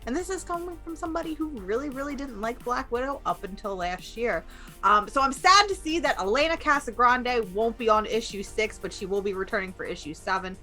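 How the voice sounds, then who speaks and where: A woman's voice: fairly high pitch, expressive, fairly quick, sharp tone, soft background music. A woman guest in a casual comic book chat, enthusiastic and chatty.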